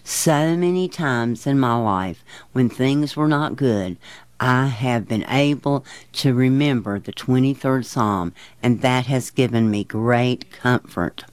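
A man giving a gentle devotional lesson on a psalm, speaking slowly, soothingly and earnestly. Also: medium pitch, clean tone, dry recording. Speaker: Bible teacher. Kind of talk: gentle devotional talk for children.

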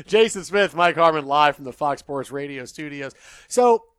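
A man's voice: a little high, animated, normal speed, fairly bright tone, smooth, dry recording. A man hosting a sports radio show in a studio, bantering playfully and laughing often.

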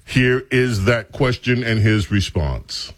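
A man hosting a talk radio show, talking in an animated, sardonic way. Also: mid-range voice, takes it slowly, no room sound.

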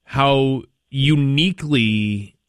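A man's voice: mid-range voice, drawn-out words, smooth, no echo, clean studio sound. A man from Maine hosting a talk radio show, chatting in a rambling way with frequent restarts. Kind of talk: casual talk radio chat.

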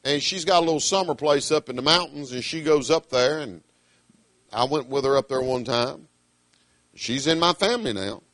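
A middle-aged man, preaching a sermon with emphatic, swinging delivery, loud declarations dropping to quiet asides. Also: mid-range voice, normal speed, dry recording.

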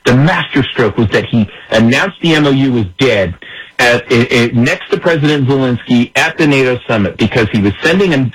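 A man's voice: medium pitch, poor audio. A man giving emphatic political commentary in an interview, acting out the words of others as he explains. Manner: emphatic, acts out quoted speech.

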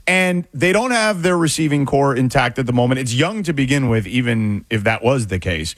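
Animated, lively-voiced man pushing back. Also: mid-range voice, normal speed, no room sound. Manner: animated, pushes back, stammering restarts. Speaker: sports talk co-host. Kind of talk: casual sports debate.

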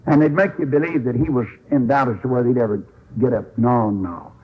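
A man's voice: medium pitch, a little fast, breathy edge. A man preaching an old-time revival sermon, telling Bible stories in a folksy way and acting out the voices. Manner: folksy storytelling, acts out dialogue, swings up into shouts. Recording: lo-fi radio broadcast recording.

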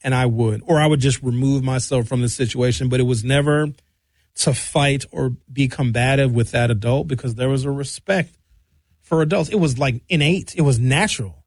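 A man's voice: mid-range voice, moderate pace, dry recording. A man, talking in a casual monologue and acting out voices as he tells stories. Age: 50s. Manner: animated storytelling with shouted impressions.

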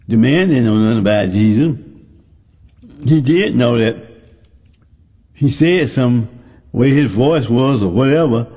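A man's voice: mid-range voice, mellow. A man preaching a sermon, retelling a story in a folksy way and repeating phrases for emphasis. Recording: long hall reverb.

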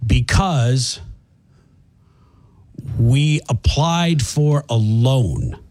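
A man's voice: medium pitch, drawn-out words, a little mellow. A middle-aged man telling a story in casual chat, laughing and acting out the people he quotes.

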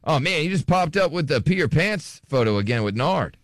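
A man's voice: fairly high pitch, big pitch swings, brisk, no echo, studio quality. A man hosting a radio show, chatting casually and joking, often trailing off and restarting. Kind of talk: casual chat.

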